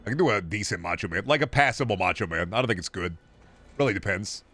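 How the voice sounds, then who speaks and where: A man's voice: fairly low pitch, expressive, fast talker, bright, forceful tone. A man streaming a game, chatting casually and joking around with his chat, swearing freely. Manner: joking, swears, riffs on impressions. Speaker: gaming streamer.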